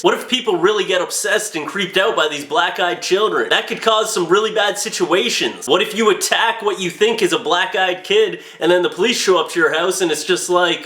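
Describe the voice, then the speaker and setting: A man's voice: sits high, animated, a little fast, hardly any pauses, sharp tone. A young man doing a crude, sarcastic comedic rant as a vlogger. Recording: echoey room.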